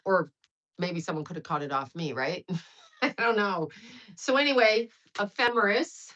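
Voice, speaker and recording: Blunt, bright-voiced older woman livestreaming. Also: fairly low pitch, measured pace, dull audio. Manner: blunt, profane, laughing, rambling. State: sweating. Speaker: livestream host and astrologer. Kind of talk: casual livestream chat.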